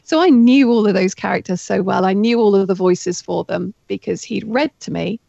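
Gravelly-voiced woman with a cold. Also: mid-range voice, normal speed, no room sound, highs cut off. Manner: chatty, laughs often, excitable. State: getting over a heavy cold. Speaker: guest, author and audiobook narrator. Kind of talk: casual interview chat. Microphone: remote call.

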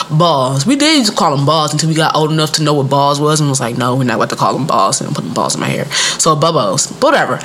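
Animated profane woman telling a story. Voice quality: animated, acts out voices in high squeaky pitch. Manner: profane, playful, laughs at own jokes. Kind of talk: storytelling stand-up routine.

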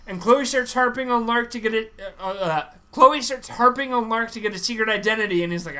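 Bright high-voiced man recapping fast. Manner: rapid, animated recapping with mock quotes. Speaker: podcast host recapping a TV series. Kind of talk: casual chat.

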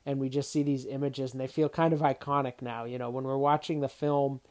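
A film reviewer walks through a movie's story in a relaxed, reflective way. The talk is unscripted, with small restarts as thoughts form. The voice sits at a middle pitch. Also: fairly quick. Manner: reflective, thinking aloud with restarts. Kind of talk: casual spoken film commentary.

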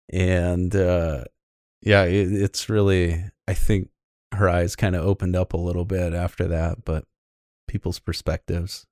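A man's voice: low voice, flat delivery, unhurried, a little mellow, no room sound, clean studio sound. A man co-hosting a casual gaming podcast, rambling along with lots of fillers and restarts. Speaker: podcast co-host.

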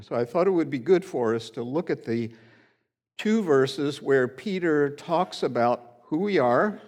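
A middle-aged pastor with a mid-range, darkish voice preaches a sermon in a church sanctuary. He speaks conversationally, telling stories in a folksy way.

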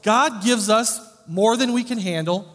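A man delivers a sermon in a relaxed, conversational way, with wry asides. His voice sits slightly high, and he swings between punchy loud emphasis and quiet, dropped-off remarks. Long reverb trails every line. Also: measured pace. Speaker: preacher.

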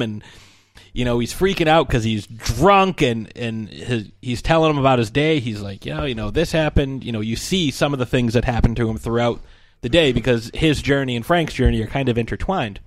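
A man's voice: mid-range voice, dry recording. Man, casual podcast co-host, rambling recap with acted-out lines, dry close sound. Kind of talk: casual movie discussion.

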